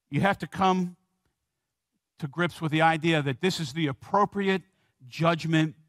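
A man preaching a sermon in a church as pastor, slowing down and stressing key words and asking the congregation questions. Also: a little high, fairly bright tone, dry recording, clean studio sound.

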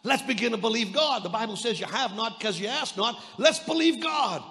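Canadian pastor guy preaching, high voice, lots of stumbles and restarts, big echoey church hall. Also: a little fast. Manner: energetic preaching with repeated restarts and stammers; storytelling, quoting voices of others. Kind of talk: sermon.

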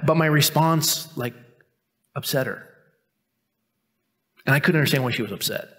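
A man's voice: fairly high pitch, normal speed, bright, forceful tone. A male pastor in his fifties preaching a sermon in a conversational, self-mocking way, telling a personal story and acting out the people in it. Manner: conversational, self-mocking, acts out quoted voices. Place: church sanctuary.

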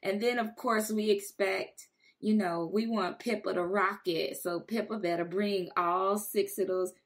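A woman's voice: mid-range voice, fairly even intonation, measured pace. A woman hosting a podcast interview, chatting enthusiastically and laughing along with her guest. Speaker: podcast host.

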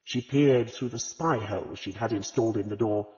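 A man narrating an audiobook in an expressive storytelling manner. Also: lowish voice, normal speed. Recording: reverberant, slightly dull audiobook recording.

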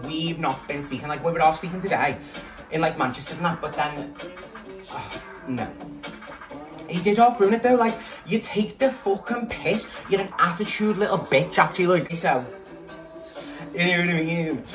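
A man, tipsy, chatting in a rambling, gossipy vlog and swearing a lot. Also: on the high side. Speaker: vlogger. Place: his bedroom at home. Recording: distant mic with loud background music. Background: music playing.

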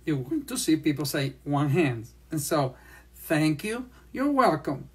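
Slow-paced sign language teacher. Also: medium pitch, sing-song, breathy edge. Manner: speaks slowly, repeats phrases while demonstrating signs. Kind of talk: slow classroom lesson.

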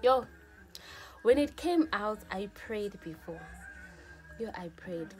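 A young woman vlogger from South Africa telling a personal story to her viewers, animated and chatty, often saying "yo" and "guys". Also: medium pitch, slow, pauses often, faint music behind. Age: young adult. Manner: animated, frequent "yo" and "guys" fillers. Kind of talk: casual storytime.

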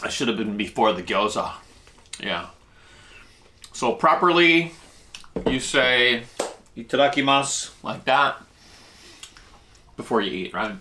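A man with a bright, forward tone hosts a casual food vlog. He chats between bites, explaining the dishes in a relaxed, talkative way. His pitch leaps up and down as he reacts to the flavors. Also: slow pace, pauses often, slight background noise. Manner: chatty, explains Japanese food terms while tasting; eats while talking, with lively jumps in pitch. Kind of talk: casual food-tasting chat.

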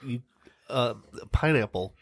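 Husky guy on a podcast, dry teasing jokes. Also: medium pitch, expressive, takes it slowly. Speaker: podcast co-host. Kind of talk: casual chat.

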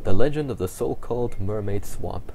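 A man's voice: fairly low pitch, moderate pace, gravelly, dark tone, a little hiss or hum. A man doing a courteous old storyteller. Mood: storytelling. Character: kindly old male innkeeper telling legends.

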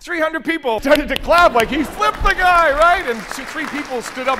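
A man's voice: very high-pitched, expressive, moderate pace, hardly any pauses, sharp tone, big-room sound, a faint crowd. A man giving a motivational seminar on communication, telling stories expressively and addressing the audience directly. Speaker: hospitality communication trainer. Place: large function room with audience.

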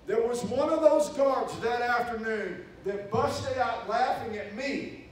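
An animated preacher, a man telling a story to his congregation and throwing himself into each quoted voice. His voice sits a little high for a man. It rings around a big echoey hall, picked up from a distance with a faint hiss. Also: a little slow.

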